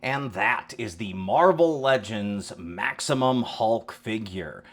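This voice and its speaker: A man's voice: on the low side, expressive, takes it slowly. A man hosting a casual toy unboxing review, rambling and joking with frequent restarts. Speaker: toy reviewer, channel host.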